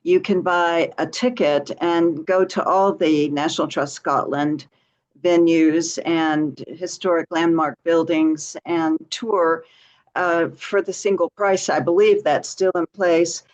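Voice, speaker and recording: A woman's voice: fairly low pitch, steady tone, slow pace, poor audio. A woman commenting in a forum Q&A, enthusiastic and effusive. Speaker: forum participant.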